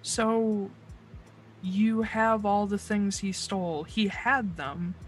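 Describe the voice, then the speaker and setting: A game master voicing a wary young woman under questioning, answering in halting, hesitant bursts. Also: medium pitch, fairly even intonation, soft background music, lightly acted. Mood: guarded. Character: wary young half-orc-related woman, guarded clerk.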